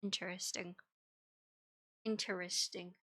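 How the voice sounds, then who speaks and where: A woman's voice: lowish voice, level tone, unhurried, bright, forceful tone. A young woman streaming, chatting casually and rambling between topics, giggling and swearing now and then. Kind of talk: casual chat.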